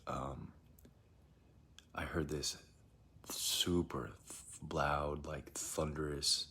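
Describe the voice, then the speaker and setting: A man's voice: rumbling low, steady tone, drawn-out words, bright, forceful tone, breathy edge. A man telling a strange personal experience in a rambling, hesitant way, often dropping into a whisper. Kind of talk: casual first-person account.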